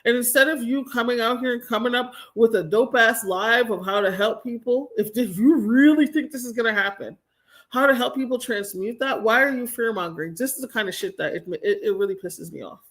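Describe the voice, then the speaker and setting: A woman's voice: fairly high pitch, brisk, a bit bright. Blunt, exasperated woman ranting on a livestream. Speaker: livestream host. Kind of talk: casual ranting commentary.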